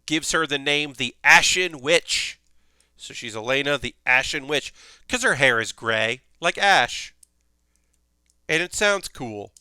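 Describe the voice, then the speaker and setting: A stream host with a mid-range voice that sounds bright, forceful, clear, and resonant, recorded without echo. He recaps an anime plot in a rambling, casual retelling packed with fillers.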